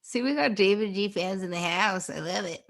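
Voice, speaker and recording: A woman hosts a live online launch party, chatting casually over a video call. She tells stories in a lively way and laughs often, with a voice of ordinary middle pitch. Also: moderate pace, creaky. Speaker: host.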